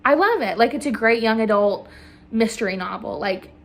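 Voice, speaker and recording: A woman's voice: fairly high pitch, lively intonation, normal speed. A young woman chatting casually as a book reviewer, filling her talk with constant "like"s. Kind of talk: casual chat.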